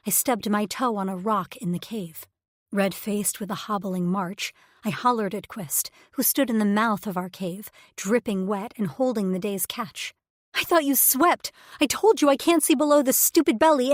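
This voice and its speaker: A woman's voice: mid-range voice, dry recording, studio quality. Woman narrating a first-person romance. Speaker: audiobook narrator.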